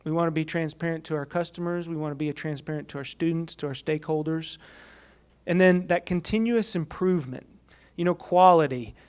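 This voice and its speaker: A man's voice: fairly high pitch, brisk, darkish tone, clear, resonant tone. A man giving a conversational conference presentation to a room of colleagues, often saying "you know" and asking the audience questions. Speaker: presenter at a training summit.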